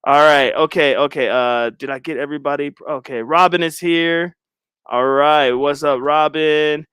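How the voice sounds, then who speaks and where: A man's voice: fairly high pitch, fairly even intonation, moderate pace, a bit bright, clear, resonant tone, dry recording. A man hosting a live stream in casual chat, rambling and self-mocking, often repeating his phrases. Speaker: livestream host.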